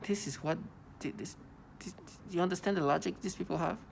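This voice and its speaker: A man's voice: high-pitched, brisk, vocal fry, background noise. Agitated man in his thirties ranting. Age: 30s. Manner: agitated, repetitive, stammering restarts. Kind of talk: monologue vlog rant.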